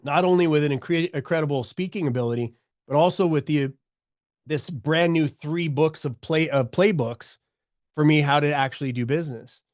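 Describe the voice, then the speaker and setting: A middle-aged man telling his story as a podcast guest, animated, acting out the voices of people he quotes. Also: a little high, moderate pace, dry recording, clean studio sound.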